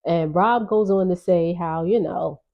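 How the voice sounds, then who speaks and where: A woman's voice: lowish voice, a little slow, creaky, lo-fi sound. A woman vlogger recapping a reality show in a chatty, gossipy way, with laughing asides. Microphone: on-camera.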